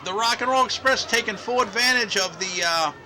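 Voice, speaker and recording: A man hosting and calling play-by-play over old wrestling footage, excitable, shouting on big moves and drifting into loose rambling asides. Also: high-pitched, fairly quick, a crowd in the background, background noise. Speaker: host and wrestling commentator.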